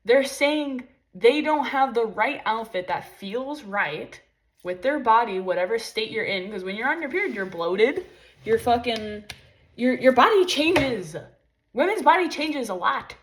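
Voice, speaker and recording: A woman's voice: a little high, expressive, a little slow. A young woman speaks straight to camera in a loose, rambling way. She is frank and swears freely. Her talk is full of fillers like "like" and "you know". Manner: frank, profane, chatty with many fillers. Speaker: spiritual vlogger. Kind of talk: casual rambling monologue.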